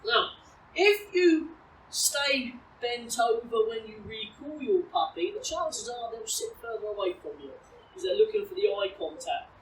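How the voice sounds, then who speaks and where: Woman dog trainer, lively pitch. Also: measured pace. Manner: calm explaining, high bright praise when calling the puppy. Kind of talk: outdoor training demonstration. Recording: roomy, distant, faint ambient noise.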